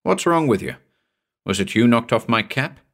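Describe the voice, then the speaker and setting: A man voicing a gruff middle-aged ship's mate who talks bluntly like a seaman. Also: medium pitch, expressive, normal speed, fairly bright tone. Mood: irritated.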